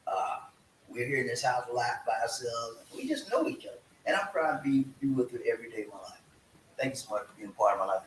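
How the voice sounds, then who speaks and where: An energetic man hosting a casual home show, talking with a bright, forceful edge and hyping up his viewers. His voice sounds far from the mic, with a roomy echo and faint noise behind it. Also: medium pitch. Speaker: show host. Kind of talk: casual live chat. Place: room at home. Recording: echoey room, voice from far off.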